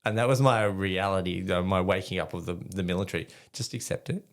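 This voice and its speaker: A middle-aged man with an Australian accent and a deep, low voice, yarning casually as a podcast guest. He talks bluntly, drops swear words freely and stumbles through plenty of ums and restarts. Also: fast. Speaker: podcast guest, army veteran. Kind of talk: casual storytelling interview.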